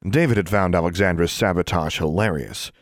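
A man reading a children's fantasy audiobook in steady, measured narration. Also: low voice, no room sound, studio quality. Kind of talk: scripted narration.

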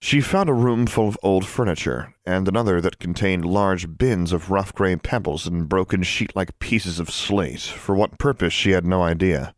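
Low-voiced male audiobook narrator. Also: moderate pace, few pauses, no echo, studio quality.

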